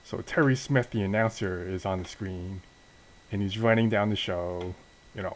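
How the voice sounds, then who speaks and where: A man's voice: sits low, steady tone, moderate pace, long pauses, low-quality recording. A young man casually narrating a wrestling game story, hesitant and self-deprecating, often restarting his sentences. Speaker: channel host narrating a wrestling sim.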